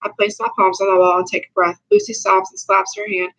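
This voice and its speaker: A young woman reading a first-person novel aloud, plain and unhurried, with small slips and restarts. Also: mid-range voice, flat delivery, fairly bright tone, poor audio. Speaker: audiobook reader.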